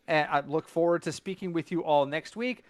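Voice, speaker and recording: A man's voice: fairly high pitch, brisk. A man co-hosting a podcast in casual chat, talking emphatically and stumbling over his words as he recalls things. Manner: emphatic, lively, restarts and stumbles when recalling. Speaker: podcast co-host.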